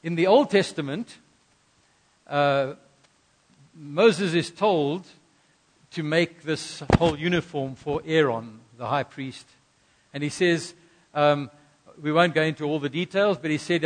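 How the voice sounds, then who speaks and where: A middle-aged man preaching from the pulpit, his voice sitting a little higher than most men's. He tells his story earnestly and pushes certain phrases out with sudden emphasis. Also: a little slow, long pauses. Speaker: pastor. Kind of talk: sermon.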